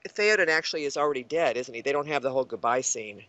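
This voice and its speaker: A woman co-hosting a casual podcast, thinking aloud with many halting restarts. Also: rumbling low, animated, a bit bright, no room sound, highs cut off. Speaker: co-host.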